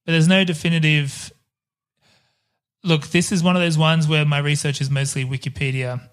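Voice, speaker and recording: A man's voice: on the high side, little pitch movement, normal speed, clean tone. A man co-hosting a casual podcast, telling rambling stories with jokey asides. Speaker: podcast co-host. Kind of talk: casual chat.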